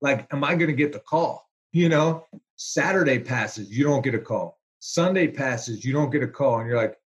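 A man, a former pro quarterback, telling stories in a relaxed interview with lots of fillers. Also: mid-range voice, moderate pace, highs cut off. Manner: animated, chatty storyteller with fillers. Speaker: former NFL quarterback, guest. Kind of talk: casual storytelling interview.

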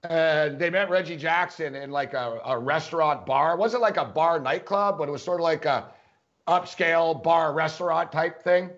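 Man, high pitch, casual chat, rambling anecdotes, muffled recording. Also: moderate pace, a bit bright. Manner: rambling anecdotes, lots of "like" and "you know". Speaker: sports podcast co-host.

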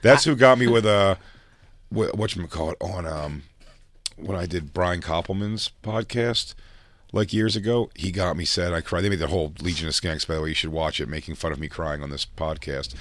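A man's voice: sits low, moderate pace, fairly bright tone, no room sound. A man co-hosting a comedy podcast, rambling through crude stories and jokes in casual banter.

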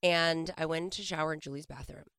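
A woman's voice: sits low, steady tone, quick pace, fairly bright tone, smooth, no echo. A woman comedian on a talk show who is under the weather and losing her voice. She tells her story in a dry, matter-of-fact way. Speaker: comedian guest. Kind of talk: casual talk show banter.

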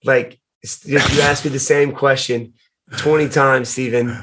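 A man talking as a podcast guest, telling stories in a relaxed, casual way with lots of fillers. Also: mid-range voice, a little slow, background noise. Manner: relaxed storytelling, many fillers. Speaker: guest, fighter.

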